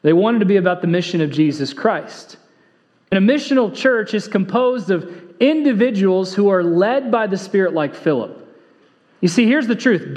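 Male pastor, high voice, sermon with earnest repetition, long church reverb on a dull recording. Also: animated, moderate pace, darkish tone. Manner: earnest, repeats key phrases for emphasis; conversational storytelling with fillers. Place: church sanctuary.

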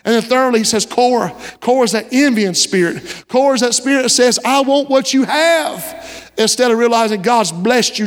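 A man pastor delivering an impassioned sermon, rising to shouts and dropping to hushed pleas. His voice sits high for a man. Long reverb from a large church sanctuary trails every phrase. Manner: impassioned preaching, shifting between shouts and hushed lines.

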